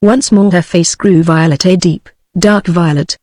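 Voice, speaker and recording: A text-to-speech woman's voice with a British English accent, reading a children's novel aloud in an even, synthetic manner. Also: fairly low pitch, unhurried, dry recording. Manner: even synthetic reading with little character change. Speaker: audiobook narrator. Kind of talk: scripted narration.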